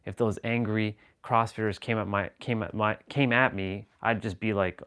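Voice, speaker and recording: A man hosts a live stream and talks loosely and off the cuff. He jokes with viewers and reacts to their comments as he goes. His voice sits a little low. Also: steady tone, moderate pace, a bit bright, clear, resonant tone. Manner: rambling, joking, reacting to chat. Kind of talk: casual live stream chat.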